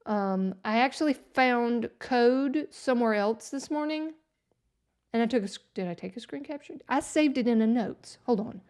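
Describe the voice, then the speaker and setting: A woman's voice: a little high, normal speed, a little mellow, clear, resonant tone. A woman hosting a casual live stream, sarcastic and exasperated, talking to herself as she works.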